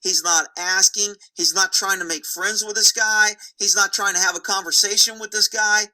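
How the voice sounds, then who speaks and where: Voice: mid-range voice, fairly even intonation, moderate pace, sharp tone, low-quality recording. A horse trainer narrating video footage in an emphatic, repetitive way with folksy slang.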